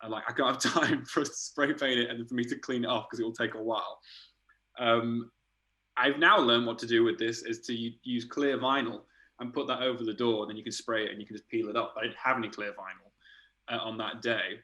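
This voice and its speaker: A man, an art director, casually telling animated stories in a podcast chat, laughing and swearing as he goes. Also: medium pitch, fairly quick, low-quality recording.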